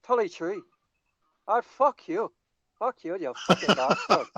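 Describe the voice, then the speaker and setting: A man's voice: high voice, big pitch swings, measured pace, a bit bright, dry recording, muffled recording, full character voice. A man doing a put-on Irish accent as a swearing mock Irish character, crude and mocking. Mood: mocking, rowdy.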